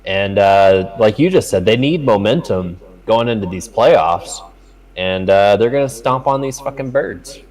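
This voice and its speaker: Profane animated man talking sports bets. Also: on the low side, unhurried, low-quality recording. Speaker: podcast co-host. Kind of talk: casual sports betting chat.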